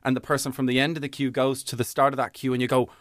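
Chatty young comedian, dry close sound. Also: male voice, medium pitch, level tone, rapid-fire, dry recording. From Ireland. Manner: chatty, laughs often, acts out quotes. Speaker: comedian guest. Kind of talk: casual interview chat.

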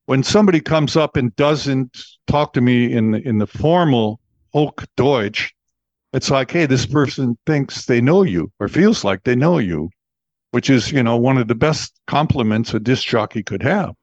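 A man in his seventies with an American accent, a radio disc jockey telling stories in a relaxed interview, chatty and laughing often. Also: mid-range voice, moderate pace, dry recording, dull audio. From Texas, USA. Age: 70s. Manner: chatty, laughs often, acts out quoted voices.

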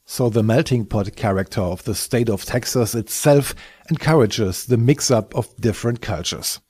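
A man giving scripted documentary narration in a measured, lightly wry manner. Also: mid-range voice, a little mellow, breathy edge, no echo.

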